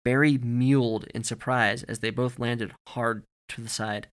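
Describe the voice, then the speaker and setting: A male narrator reads a story in a steady, measured voice. His tone is bright and forceful, and his pitch sits in a middle range. The delivery is scripted audiobook narration. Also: smooth.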